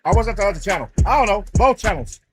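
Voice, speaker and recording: A man with a high voice hosts a live stream, bantering in loose, profane slang and calling out viewer names in a sing-song lilt. Hip hop music plays loudly behind him. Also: expressive, quick pace. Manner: sing-song roll-call shout-outs. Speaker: streamer host. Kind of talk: casual live-stream chat.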